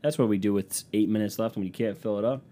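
A podcast host with a fairly low, warm voice talks fast into a microphone. His casual, profane monologue is made up of rambling, self-mocking stories.

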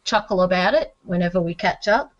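A woman's voice: on the low side, animated, dull audio. A woman with an Australian accent, a teacher and regular podcast guest, chatting casually and joking. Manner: chatty, joking, quick to laugh.

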